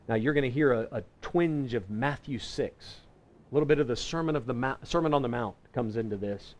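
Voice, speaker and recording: A man at a mid pitch teaches from scripture in a relaxed, homespun way. He slows down when he reads verses aloud and often restarts his sentences as he goes. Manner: folksy and conversational, reading scripture slowly and deliberately; self-correcting with frequent restarts. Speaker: pastor teaching a Bible class.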